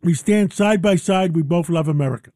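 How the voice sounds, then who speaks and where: A man with a notably high speaking voice hosts a radio talk show. He rambles with enthusiasm, restarting sentences and tripping over words as he pushes his points. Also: a little fast, mellow. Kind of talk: casual talk radio hosting.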